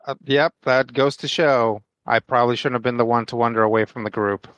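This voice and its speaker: A man playing in a tabletop game, talking in a hesitant, halting way with many fillers. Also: medium pitch, steady tone, fairly bright tone, smooth, no echo. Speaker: player.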